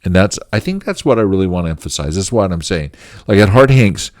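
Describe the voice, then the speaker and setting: A man's voice: low voice, animated, a little fast, no room sound, clean studio sound. A middle-aged man hosting a management teaching channel, telling a workplace story in an earnest, emphatic way with short laughs. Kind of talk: storytelling lesson talk.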